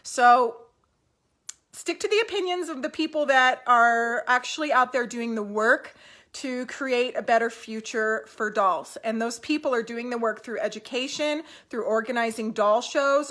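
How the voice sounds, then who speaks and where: Chatty woman at home on camera, kinda high voice, upbeat, rambly pep talk vibe. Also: a bit bright. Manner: upbeat, encouraging, rambling with fillers. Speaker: doll collecting vlogger.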